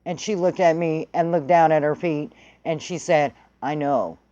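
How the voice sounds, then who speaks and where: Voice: mid-range voice, steady tone, normal speed, warm tone, dull audio. A vlogger telling a story in a blunt, heated way and swearing freely. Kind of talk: casual profane storytelling.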